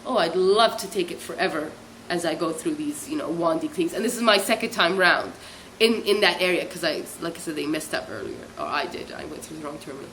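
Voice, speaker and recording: Young woman, vlogger, rambling storyteller, animated, some faint hiss. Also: sits low, a little fast. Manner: chatty, animated, bursts into laughing shrieks; mimics other people's voices in quotes. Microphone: hairbrush held as a pretend mic, real mic unseen.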